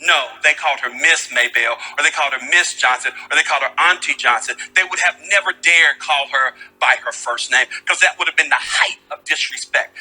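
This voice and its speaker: A man telling a personal story in an animated, conversational way. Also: fairly high pitch, brisk, few pauses, slightly rough, soft background music, poor audio. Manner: animated, conversational, acts out quotes. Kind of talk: storytelling talk.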